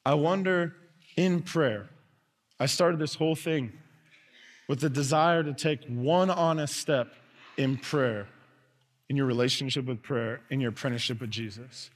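A male pastor preaching from the front of a church, his voice sitting in a middle register. He talks earnestly, slowing down and going quiet, then lifting to loud calls. A long hall reverb trails after every line. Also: medium pitch. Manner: earnest preaching, swings between soft and loud. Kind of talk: sermon. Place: church sanctuary.

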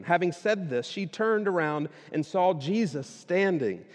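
Animated preacher man in a reverberant hall. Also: high-pitched, moderate pace, hardly any pauses. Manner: animated, builds to loud emphatic peaks. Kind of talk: sermon.

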